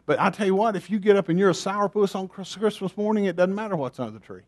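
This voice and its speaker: A man's voice: sits high, lively intonation, quick pace. A man preaching a sermon, emphatic and repetitive, firing rhetorical questions at his congregation.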